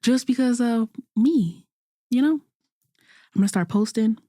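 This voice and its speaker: A woman's voice: fairly high pitch, a little slow, warm tone, no echo, studio quality. A young woman in her twenties hosting a podcast, talking through a candid, self-critical monologue in casual slang with frequent restarts. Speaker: podcast host.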